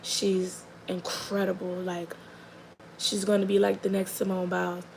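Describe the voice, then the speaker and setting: Brief: young mom, gravelly voice, chatty, faint hiss behind. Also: female voice, fairly low pitch, unhurried, poor audio. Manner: animated, chatty, lots of fillers. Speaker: mother. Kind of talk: casual storytelling chat. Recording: faint background noise.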